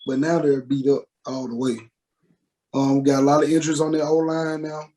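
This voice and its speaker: A man co-hosting a casual sports podcast, giving his pick in a relaxed way with some hesitant fillers. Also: a little high, low-quality recording. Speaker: podcast co-host.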